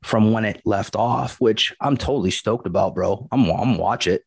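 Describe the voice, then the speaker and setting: A man's voice: on the low side, normal speed, creaky, slightly rough. A man co-hosting a podcast in casual chat, talking in a laid-back, slangy way and laughing often. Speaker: podcast co-host.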